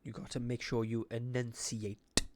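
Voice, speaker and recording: A man's voice: medium pitch, little pitch movement, normal speed, no echo. A man with a Welsh accent hosting a casual chat, talking in a rambling, jokey way. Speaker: podcast host.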